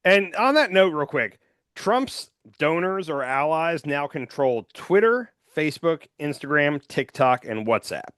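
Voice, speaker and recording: Lively male podcast host, dry sound. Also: on the high side, a little slow, no room sound. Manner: animated, jokey, trails off quietly at ends of thoughts. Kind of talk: casual political chat.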